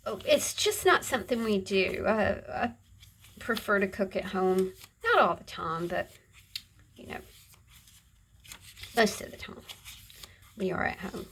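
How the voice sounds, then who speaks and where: A middle-aged woman hosting a casual craft video, chatting in a soft, rambling way as she shows her handmade books. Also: mid-range voice, animated, a little slow, long pauses, slight background noise, poor audio. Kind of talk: casual show-and-tell chat.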